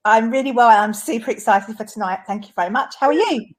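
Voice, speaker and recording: A woman's voice: fairly high pitch, fast talker. A woman co-hosting a live webinar, upbeat and teasing in her banter. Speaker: co-host and co-founder.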